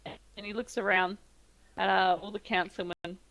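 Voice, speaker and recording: A woman's voice: mid-range voice, normal speed, a bit bright, poor audio. A woman running a tabletop game as game master, improvising with many fillers.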